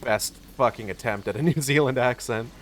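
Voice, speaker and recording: A man's voice: medium pitch, normal speed, slight background noise. A man giving casual, rambling, profane commentary while playing a video game, talking to himself as he goes. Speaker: gaming streamer. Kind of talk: casual let's-play commentary.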